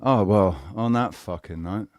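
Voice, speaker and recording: Deep-voiced rambling man. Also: measured pace, a little mellow, a little hiss or hum. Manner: rambling, crude, joking. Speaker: live show host. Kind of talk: casual live panel chat.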